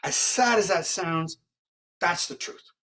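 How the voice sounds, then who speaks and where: A man from Canada, a guest in an interview, telling a long story in a rambling, animated way and acting out what others said. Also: high voice, takes it slowly. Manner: rambling, acts out quoted dialogue.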